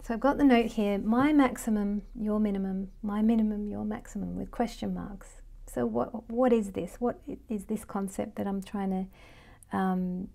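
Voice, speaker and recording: Gravelly-voiced woman coach musing aloud. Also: mid-range voice, fairly even intonation, normal speed, dark tone. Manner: musing, thinks aloud while talking through notes. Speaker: Vedic astrology life coach. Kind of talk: informal astrology lesson.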